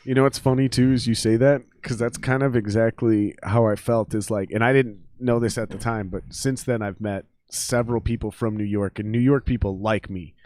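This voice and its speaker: A man in his thirties hosting a podcast, telling stories in a profane, animated way. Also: lowish voice, fairly quick, hardly any pauses, no room sound. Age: 30s. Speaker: podcast host. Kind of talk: casual chat.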